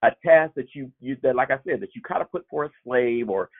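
A man giving an informal Bible teaching to a small group, halting with many fillers and restarts. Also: mid-range voice, lively intonation, slightly rough. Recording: tinny phone-like sound.

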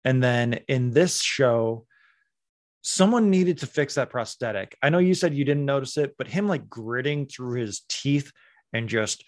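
A man talking casually on a podcast, animated and critical, sometimes slipping into mimicry. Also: mid-range voice, measured pace. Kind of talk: casual chat.

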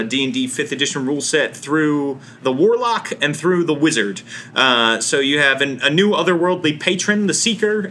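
A man with a New Jersey accent hosting a casual podcast discussion, relaxed and chuckling, with plenty of fillers. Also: mid-range voice, a little hiss or hum. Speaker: podcast host.

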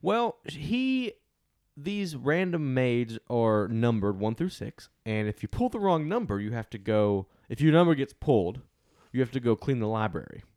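A man's voice: mid-range voice, sing-song, moderate pace, a little mellow, dry recording, studio quality. A young man rambling casually through a movie review, full of fillers and restarts.

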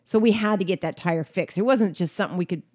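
A woman's voice: fairly low pitch, quick pace, a little mellow. Older woman adding to a shared story. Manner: chimes in briefly, adds details. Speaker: co-host, wife. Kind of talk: casual chat.

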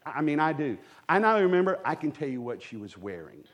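A man's voice: on the high side, big pitch swings. Male pastor, folksy and joking, tells personal stories from the pulpit to a live congregation. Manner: folksy, humorous storyteller with quick asides to the congregation. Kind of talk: storytelling sermon. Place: church sanctuary with a live congregation.

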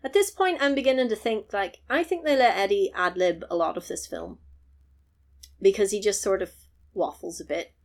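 A woman with a gravelly, medium-pitched voice speaks at a moderate pace. Co-hosting a casual podcast, she animatedly recaps a film's plot, swearing freely and slipping into character voices.

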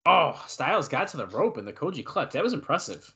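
A young adult man co-hosting a casual wrestling watch-along podcast, excitedly calling the moves and chatting between them. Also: on the high side, brisk, creaky, lo-fi sound. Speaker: podcast co-host.

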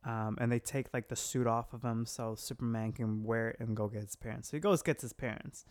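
Smooth-voiced man casually recapping a story. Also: medium pitch, fairly quick, dry recording. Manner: animated retelling, quoting characters with laughs. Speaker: podcast co-host recapping a story. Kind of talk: casual chat.

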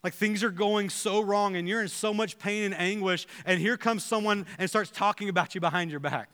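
A man's voice: sits high, normal speed, pushed and bright, clean tone. A man preaching a sermon as a pastor, earnestly acting out quoted prayers and dialogue. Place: church sanctuary. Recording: long hall reverb.

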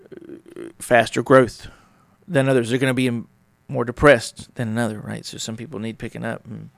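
A man with a deeply gravelly, fry-heavy voice talks through his podcast in a loose, rambling way, breaking into little back-and-forth bits of dialogue. The sound is dry and close, with no room around it. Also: level tone, normal speed, dry recording. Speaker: podcast host. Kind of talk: casual solo talk on relationships.

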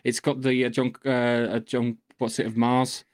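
A man's voice: mid-range voice, flat delivery, moderate pace, darkish tone. A man co-hosting a podcast, talking casually and hesitantly with many repeated words and ums. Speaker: podcast co-host. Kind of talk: casual chat.

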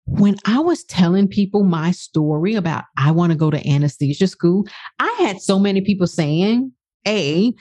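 A woman in her sixties hosting her own podcast as a life coach, speaking bluntly and with passion. Her pitch swings widely and her delivery is unhurried. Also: darkish tone. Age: 60s. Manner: passionate, blunt, swears for emphasis. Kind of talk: podcast monologue.

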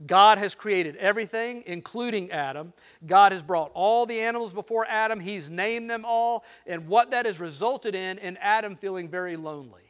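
A man's voice: sits high, fairly bright tone. An older man preaching a sermon, playful and teasing, talking straight to the crowd. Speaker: pastor.

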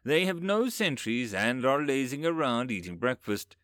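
A man tells a comic first-person fantasy tale with a lively, swooping voice that climbs high for the characters he plays. The sound is dry and close, with no room around it. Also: normal speed, no room sound. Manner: lively storyteller, raising pitch for quoted characters. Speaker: narrator.

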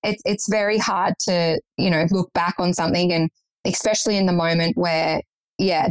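A woman's voice: on the low side, no room sound, low-quality recording. A young woman guest recounting a personal story in conversation, earnest and matter-of-fact.

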